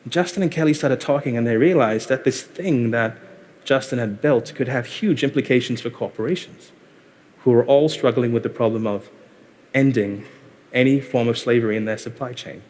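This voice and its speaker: A man's voice: mid-range voice, moderate pace, darkish tone, slight background noise. A man giving an inspirational keynote talk on stage, telling stories in a conversational, upbeat way. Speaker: keynote speaker.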